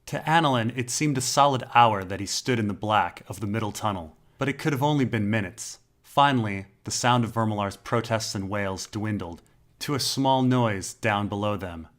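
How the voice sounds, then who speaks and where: Low-pitched male narrator, measured and dramatic, for a dark fantasy audiobook.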